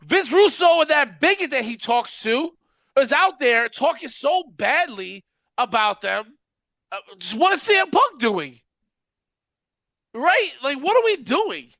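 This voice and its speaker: A man's voice: very high voice, sing-song, a little slow, pushed and bright, dry recording, studio quality. A man hosting a casual wrestling podcast, ranting in an exasperated tone and laughing often. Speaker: podcast host.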